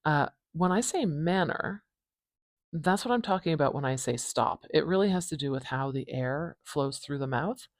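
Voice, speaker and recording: A pronunciation teacher with a North American accent, giving an informal phonetics lesson, thinking aloud and repeating words slowly and deliberately. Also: medium pitch, expressive, no echo.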